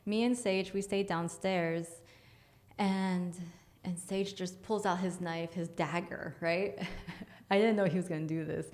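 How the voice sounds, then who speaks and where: A woman with a slightly low voice tells a story in casual conversation. She is animated and acts out the scenes as she goes. She laughs often. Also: measured pace. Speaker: guest, energy healer.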